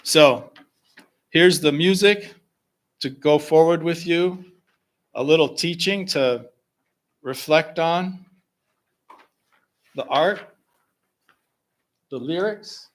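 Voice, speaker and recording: A man leading a service, telling a personal story and introducing a song in a slow, gentle way with pauses. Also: on the high side. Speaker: singer-songwriter leading a service. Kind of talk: spoken reflection and song introduction. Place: fellowship hall.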